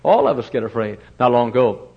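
A male pastor preaching a storytelling sermon, folksy and animated, with many fillers and sudden loud bursts. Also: medium pitch, fairly quick, vocal fry, slightly rough, lo-fi sound.

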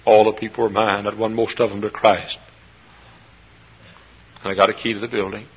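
A middle-aged man from Texas, a pastor preaching a sermon in a church. He climbs into loud emotional peaks, then drops back to quiet, confiding storytelling. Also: fairly low pitch, flat delivery, normal speed, breathy edge. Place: church sanctuary. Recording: dull lo-fi sermon tape.

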